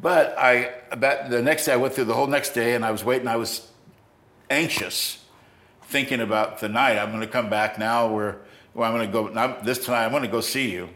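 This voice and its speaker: An older man hosting a podcast, telling a story from his past to a friend in a halting way, full of restarts. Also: mid-range voice, fairly even intonation, a bit bright, echoey room. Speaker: podcast host. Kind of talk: storytelling in a conversation.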